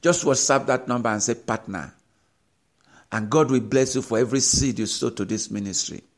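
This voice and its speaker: A man's voice: medium pitch, moderate pace. A man preaching a sermon as a pastor, pressing his listeners with rhetorical questions and rising emphasis.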